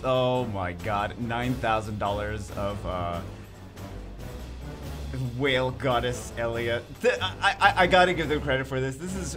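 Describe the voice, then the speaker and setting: A man's voice: medium pitch, a bit bright. A man hosting a casual gaming vlog, talking animatedly and swinging from mock outrage to laughter. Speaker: gaming channel host.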